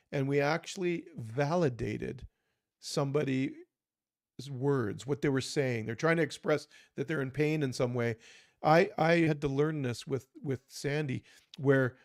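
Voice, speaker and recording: Gravelly-voiced man giving earnest advice. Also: medium pitch, no room sound, studio quality. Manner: earnest, acts out example dialogues. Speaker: podcast co-host. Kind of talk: conversational advice talk.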